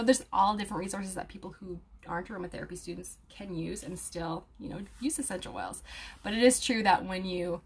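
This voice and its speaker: Her voice is lowish, creaky and husky: a young aromatherapy student hosting a live stream. She chats casually with viewers and reads their comments out, laughing a lot and using plenty of fillers.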